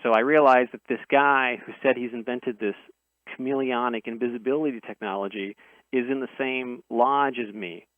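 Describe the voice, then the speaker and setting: A man's voice: medium pitch, fairly even intonation, normal speed, dry recording. A man on a radio show tells a long first-person story in an earnest way, often breaking off and restarting phrases. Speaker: interview guest. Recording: dry tinny phone line.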